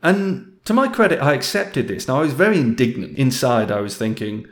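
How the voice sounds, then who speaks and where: A man speaks in a middle-pitched voice, recounting a story from his working life. His delivery is casual, candid and reflective, with a self-deprecating edge. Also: animated, brisk. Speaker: speaker sharing a career story.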